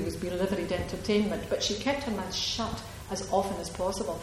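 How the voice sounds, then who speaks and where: Answering audience questions at a reading, this Scottish author from Ayrshire talks in a chatty, digressive way and laughs a lot. Her medium-pitched voice is slightly mellow, brisk and has few pauses. Faint noise and echo from the hall surround her.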